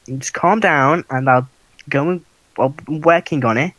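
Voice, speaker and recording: A stern woman marshal in armor, brisk and matter-of-fact, as a man puts her on at the game table. The voice sits somewhat higher than his own and sounds dry and close, with no room around it. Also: fairly bright tone, no echo, low-quality recording. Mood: firm.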